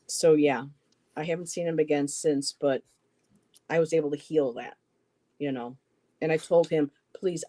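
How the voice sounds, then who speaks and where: A middle-aged man telling a personal story in a halting way, repeating words and quoting what others said. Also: fairly high pitch, warm tone. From western New York, US. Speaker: poetry show co-host.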